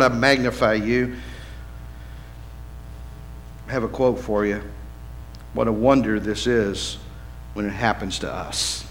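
Bright-voiced man preaching with big swings. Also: low-quality recording. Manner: conversational, swings from loud emphatic lines to hushed low ones. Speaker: pastor. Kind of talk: sermon. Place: church.

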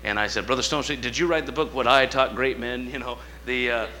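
A man preaching a sermon with passion, swinging between shouting and hushed asides, acting out dialogue in different voices. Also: mid-range voice, fairly even intonation, fairly quick. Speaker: guest preacher. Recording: mains hum behind the voice.

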